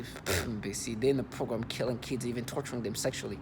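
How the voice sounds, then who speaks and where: A man's voice: medium pitch, background noise. A man talking to camera in an agitated personal monologue, indignant and disgusted, stumbling and repeating words as he goes. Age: adult. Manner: halting, repeats and restarts words. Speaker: vlogger.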